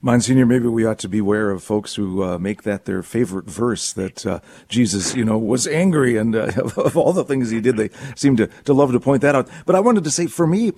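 A man's voice: medium pitch, expressive, brisk, few pauses, a little mellow, dry recording. A man co-hosting a radio talk show, telling a story to the guest in conversation. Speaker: radio co-host.

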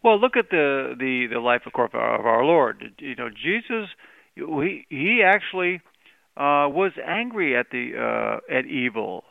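A man, a priest and psychologist, answering questions as a radio guest in a halting way, often repeating words. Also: mid-range voice, very animated, creaky, no room sound. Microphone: remote studio line. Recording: tinny phone line.

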